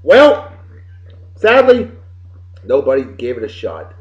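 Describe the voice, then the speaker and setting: A middle-aged man hosting a web show from home, giving casual birthday shout-outs in a boisterous, folksy, wisecracking way with some swearing. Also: medium pitch, wildly swooping pitch, slow pace. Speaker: show host. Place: home room with computer behind him. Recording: roomy, dull lo-fi webcam audio.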